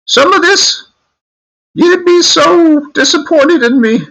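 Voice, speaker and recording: A man voicing a bawdy old British grandmother in a high, warbling falsetto with a theatrical, quavering manner. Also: slow pace, gravelly, a bit bright, heavily acted, rough recording. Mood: wailing, bawdy. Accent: put-on British.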